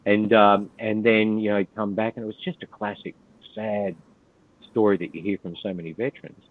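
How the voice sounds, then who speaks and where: An older Australian man tells his story as a guest in a blunt, swearing, easygoing way. His voice sits low and deep. The sound is thin and tinny, like a phone line. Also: little pitch movement, brisk. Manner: blunt, profane, laid-back storyteller. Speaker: podcast guest, retired police officer. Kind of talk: storytelling in casual interview.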